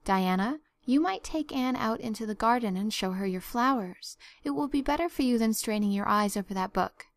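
A woman voicing a strict, composed mother who speaks in a formal, crisp, proper way. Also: a little high, expressive, normal speed, hardly any pauses, no room sound. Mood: firm.

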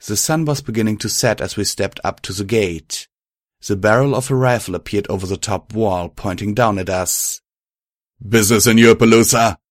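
A man reading a first-person fan fiction story aloud, steady and even. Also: lowish voice, moderate pace, no echo, clean studio sound. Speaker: narrator.

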